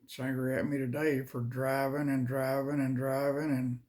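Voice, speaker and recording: A man reading scripture slowly and measuredly, then chatting casually as host. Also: medium pitch, flat delivery, a little mellow. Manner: slow, measured delivery. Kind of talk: Bible reading and casual chat.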